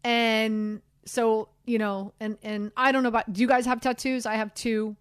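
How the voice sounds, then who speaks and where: A woman hosting a sports radio show, chatting in an animated, self-deprecating way with lots of fillers, on a studio microphone. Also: on the high side, normal speed, clear, resonant tone, no room sound. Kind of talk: casual sports talk chat.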